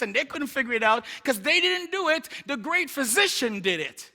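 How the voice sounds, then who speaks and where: A man from Jamaica preaches a testimony sermon, telling his story in a chatty way with asides to the listeners. His voice sits high and sounds bright. A long reverb from the church sanctuary follows every phrase. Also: animated, normal speed, creaky, hardly any pauses. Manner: conversational storytelling with asides to the audience.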